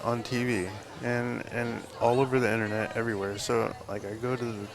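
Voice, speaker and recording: Over the loud buzz of a crowd at a tattoo convention, a male tattoo artist gives a live podcast interview, rambling through a long story full of fillers and curse words. His voice is medium-pitched and level in tone, and he talks briskly.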